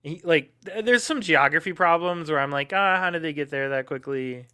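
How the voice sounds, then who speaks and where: A man co-hosting a podcast, chatting casually about a film and chiming in eagerly, with halting fillers. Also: fairly high pitch, sharp tone, clear, resonant tone, dry recording, clean studio sound. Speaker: podcast co-host.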